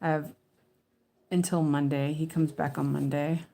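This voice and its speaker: A woman's voice: deep voice, level tone, moderate pace, vocal fry, mellow. A woman chatting casually at home as she stitches, rambling with many fillers and restarts and muttering to herself as she checks her work. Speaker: cross-stitch vlogger. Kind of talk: casual chat while stitching.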